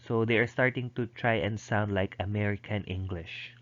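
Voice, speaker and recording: A man's voice: lowish voice, steady tone, moderate pace, fairly bright tone. A man lecturing and explaining step by step, with frequent ums and restarts. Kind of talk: recorded lecture. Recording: dull lo-fi recording.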